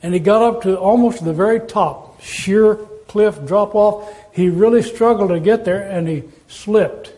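A male pastor delivers a sermon in a high, warm voice. He talks in a relaxed, conversational way, leaning on rhetorical questions and homespun stories to reach his listeners. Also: measured pace, hardly any pauses, rough recording.

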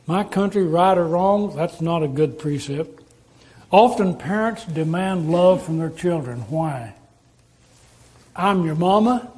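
A man's voice: high voice, warm tone. A man preaching a sermon in a conversational way, putting rhetorical questions to his congregation.

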